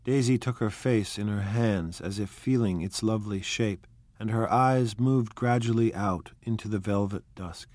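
Man, audiobook narration, measured, soft-spoken, low voice, dry sound. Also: no room sound. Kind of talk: scripted narration.

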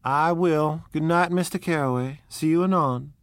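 A man putting on a languid young woman, pitched high. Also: normal speed, smooth, no echo, clean studio sound, close to an everyday voice.

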